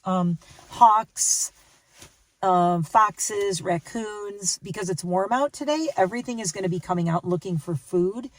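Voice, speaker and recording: A woman's voice: fairly low pitch, no room sound, distant mic, rough recording. A tired woman vlogging casually to the camera, rambling and correcting herself as she talks. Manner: rambling, chatty, self-correcting. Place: outdoors and in a car, rainy day.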